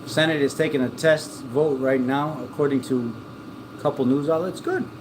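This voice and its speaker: A man's voice: a little high, normal speed, background noise. A man chatting casually and rambling from one joke to the next, laughing at his own stories. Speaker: vlogger. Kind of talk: casual chat.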